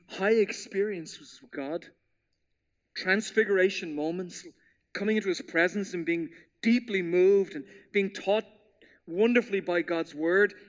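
Animated high-voiced male preacher. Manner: animated storytelling preacher, acts out quotes with playful voices. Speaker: pastor. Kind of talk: sermon.

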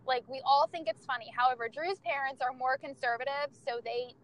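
A woman's voice: sits high, brisk, slight background noise, poor audio. A young woman telling candid, profane stories about her family in casual chat, laughing often.

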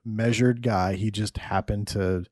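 Low-voiced casual podcast host. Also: male voice, steady tone, measured pace, darkish tone, no room sound, clean studio sound. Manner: loose and profane, laughs often.

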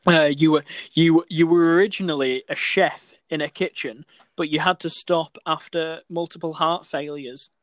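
A man's voice: fairly high pitch, fairly even intonation, normal speed, no echo. A New man co-hosting a comedy podcast, playful and sweary, teasing his co-host. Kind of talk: casual comedy podcast banter.

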